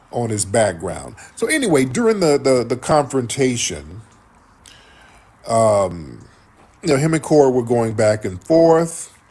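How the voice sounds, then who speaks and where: A man's voice: fairly low pitch, darkish tone, husky. A man hosting a show, telling a story in casual commentary and acting out what others said. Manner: storytelling, acts out others' quotes. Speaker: show host reading viewer comments.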